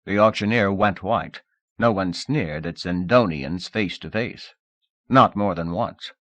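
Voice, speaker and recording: A man reading a novel aloud as an audiobook narrator, in a measured, expressive style. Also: low-pitched, no room sound. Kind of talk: scripted narration.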